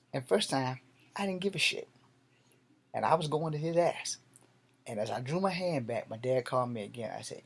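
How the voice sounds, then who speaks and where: A man telling a personal story in a vlog, animated and profane, swinging between loud and soft. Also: mid-range voice, moderate pace. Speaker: martial arts vlogger.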